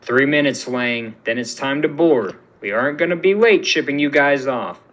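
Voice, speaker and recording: Man voicing a loud gruff prison guard, story read. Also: mid-range voice, moderate pace, lightly acted, rough recording. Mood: impatient.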